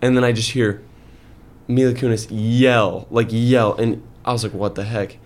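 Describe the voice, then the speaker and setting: A man's voice: mid-range voice, measured pace. A young man in his twenties, a podcast co-host, telling a story in casual chat with lots of fillers and rising heat. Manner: animated storytelling, many fillers.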